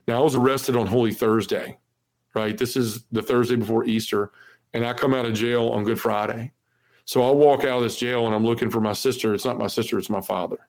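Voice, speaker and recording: On a podcast, a man in his forties recounts a personal testimony with sincerity, frequently saying "you know" and acting out what others said. His voice is medium-pitched and a little mellow, fairly quick, with fairly even intonation.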